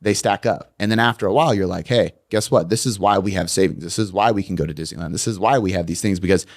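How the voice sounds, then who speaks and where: Male coach, deep, casual and blunt podcast guest. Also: fast talker. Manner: blunt, profane storytelling.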